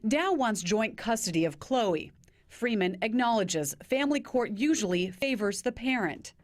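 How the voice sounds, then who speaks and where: A woman reporter narrating a television news story in a measured, even delivery. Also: on the high side.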